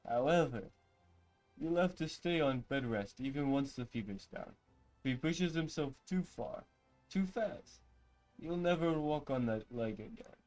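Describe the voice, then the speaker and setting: A man doing a slow old healer's voice. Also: a little high, lively intonation, darkish tone, faint music behind. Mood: reassuring. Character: old village healer trying to sound elderly.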